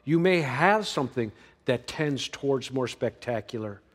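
A man preaching a sermon, swinging between emphatic lines and hushed ones. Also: medium pitch, animated, normal speed. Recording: long reverb of a large hall.

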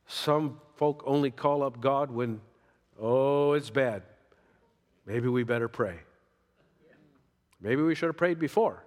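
A man's voice: mid-range voice, slow pace, pauses often, darkish tone, long reverb tail. A man preaching a sermon in a folksy way, reading scripture and acting out quoted voices. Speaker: pastor.

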